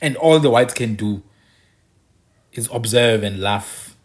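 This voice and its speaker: A man's voice: medium pitch, slow. A man giving an impassioned monologue, repeating his phrases for emphasis and dropping mocking asides. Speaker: commentator.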